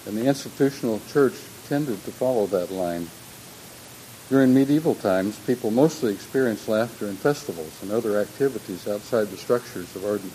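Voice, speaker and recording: Speaking on humor and religion, this older man has a lowish, dark voice and a thoughtful, lecturing manner full of restarts and personal digressions. The audio is poor, with some faint background noise.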